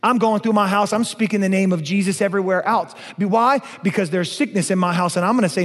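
Male pastor, high voice, emphatic sermon, rhetorical questions, long hall reverb. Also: steady tone, fast, few pauses. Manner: emphatic, rhetorical questions, shifts between loud and hushed.

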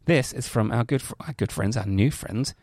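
A man's voice: medium pitch, moderate pace, a little mellow, dry recording, clean studio sound. A man co-hosting a beer podcast in casual, joking, sweary banter. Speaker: podcast co-host. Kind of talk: casual chat.

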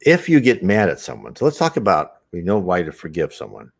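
A man's voice: sits low, wildly swooping pitch, a little fast, slightly rough. A man hosting an unscripted spiritual talk, earnest and rambling, with frequent restarts and asides.

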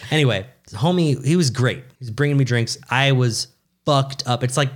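Casting: young adult male co-host, mid-pitched, loose and profane, rambling storyteller. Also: moderate pace. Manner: animated, swearing, rambling with restarts. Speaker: podcast co-host. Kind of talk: casual storytelling chat.

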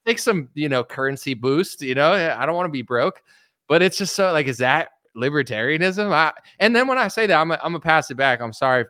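Young male host, bright clear voice, animated rambling commentary, dry close sound. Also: on the high side, fairly quick, dry recording. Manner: animated, rambling, laughs often. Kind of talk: casual political commentary chat.

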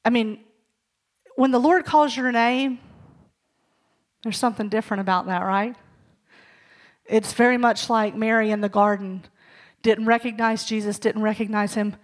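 A woman's voice: on the high side, steady tone, normal speed, long pauses. A woman teaching a sermon to a women's ministry service, earnest and emphatic, acting out the scripture dialogue as she goes.

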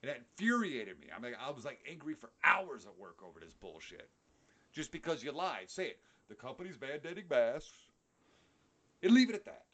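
A man's voice: mid-range voice, big pitch swings, brisk, a bit bright. A middle-aged man with a New York accent, co-hosting a podcast in a heated, profane casual rant. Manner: heated, profane ranting with frequent swearing. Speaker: podcast co-host. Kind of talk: casual chat.

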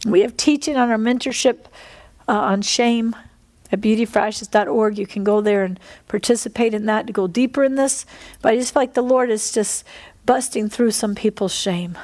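A woman's voice: a little high, normal speed, darkish tone. A woman preaching and praying fervently to a congregation, repeating phrases and exhaling between lines. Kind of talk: sermon with prayer. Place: church service with congregation.

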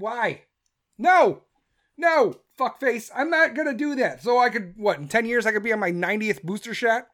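A woman's voice: on the high side, lively intonation, normal speed, fairly bright tone. A woman in her thirties giving an angry, sarcastic political rant full of swearing and mocking put-on voices. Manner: mocks others in put-on voices. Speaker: political commentator.

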